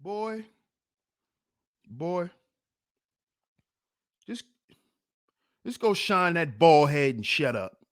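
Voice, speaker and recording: In a slow, animated voice, a man hosting a channel rants on livestream commentary, mocking and scolding as he repeats taunts over and over.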